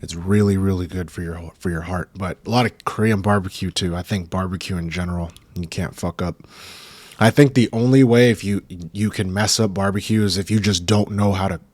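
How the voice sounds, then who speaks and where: A man's voice: deep voice, fairly even intonation, fairly quick, a little mellow, no room sound. A young man hosting his own podcast, rambling and profane in a laid-back, casual way. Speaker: podcast host. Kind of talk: casual solo podcast chat. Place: home recording room.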